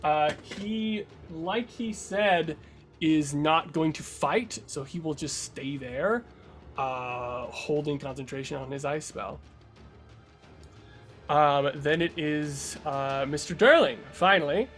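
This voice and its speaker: Slow-talking man running a tabletop game. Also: fairly high pitch, a bit bright, faint music behind. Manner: laughing often, halting with fillers. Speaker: game master.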